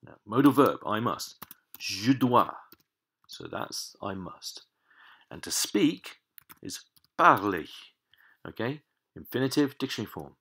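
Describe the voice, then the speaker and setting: A man with a very low voice talks through a lesson on screen at a desk mic. He explains each step patiently, lifting the key words. Quiet keyboard taps and mouse clicks sit behind him. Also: very animated, takes it slowly, long pauses, husky. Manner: patient, stresses key words, mutters while fixing software. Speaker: language teacher.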